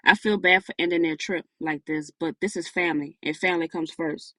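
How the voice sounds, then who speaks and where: A woman's voice: deep voice, steady tone, a little fast, bright, forceful tone, dry recording. Woman narrating an urban audiobook. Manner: voices every character herself in dialogue. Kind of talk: first-person audiobook narration.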